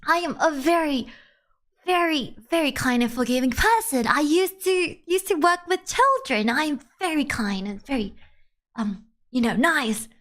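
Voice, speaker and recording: A woman streamer telling a long story to her chat in a rambling, animated way, with lots of "like" and restarts. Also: sits high, moderate pace. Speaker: VTuber streamer.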